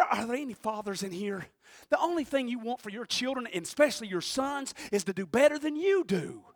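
A man preaching a sermon, who swings between shouting and quiet, intense passages and calls out to the congregation. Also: extremely high pitch, no room sound, studio quality. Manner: preaches with call-and-response asides to the congregation. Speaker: pastor.

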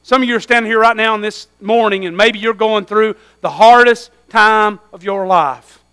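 A man preaching a sermon, swinging from hushed asides to loud, fervent cries. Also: sits high, moderate pace, smooth.

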